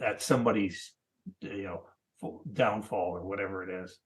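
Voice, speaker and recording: A man in his sixties, a cartoonist guest, chatting casually in a thoughtful, halting way with many restarts. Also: low-pitched, steady tone. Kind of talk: casual interview chat.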